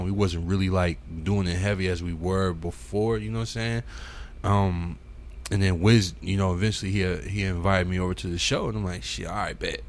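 Low-voiced male guest, 30s, easygoing storyteller, slight background noise. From St. Paul, Minnesota. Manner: laid-back storytelling, breaks into freestyle rhymes and mimicry. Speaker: guest music producer. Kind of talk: casual podcast interview.

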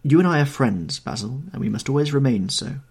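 A man's voice: medium pitch, expressive, fairly quick, a little mellow, breathy edge, voice pushed up. A man voicing a charming, guarded young man in a storybook reading, with a lighter, evasive delivery. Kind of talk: audiobook character reading.

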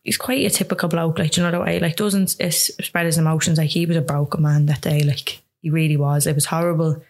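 A woman's voice: deep voice, steady tone, quick pace, a little mellow. A young Irish woman frankly telling a personal story in conversation, speaking earnestly and often filling with "like". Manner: earnest, frank, lots of "like" fillers. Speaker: guest.

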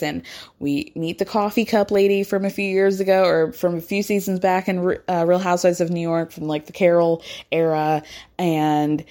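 Woman, mellow voice, gossipy, chatty, laughs a lot, casual recap. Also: lowish voice. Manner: chatty, gossipy, laughs often, acts out quotes. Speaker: podcast host recapping reality TV. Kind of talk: casual chat.

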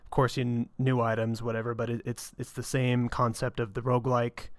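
A man's voice: medium pitch, monotone, brisk, no room sound. A man on a casual gaming podcast explaining a game with hesitant fillers. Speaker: podcast co-host.

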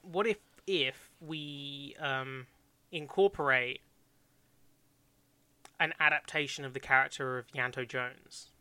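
A man's voice: medium pitch, slow pace, long pauses, bright, forceful tone, clean tone, no room sound. A man chatting casually about film ideas, hesitant with many restarts, a bit phlegmy.

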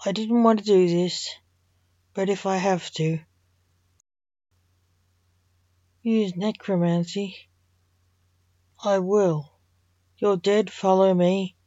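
A woman's voice: medium pitch, fairly even intonation, slow pace, long pauses, warm tone, no echo, close to an everyday voice. A woman voicing an impatient male Grim Reaper who huffs and snaps in exasperation, in a dull lo-fi recording. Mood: commanding. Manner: huffy, exasperated.

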